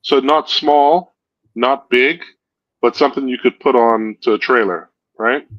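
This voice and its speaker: A man's voice: mid-range voice, unhurried, fairly bright tone, no echo. A man chatting casually on a stream, telling long rambling stories, correcting himself and laughing at his own jokes. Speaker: stream host. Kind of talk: casual storytelling chat. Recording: dull lo-fi sound.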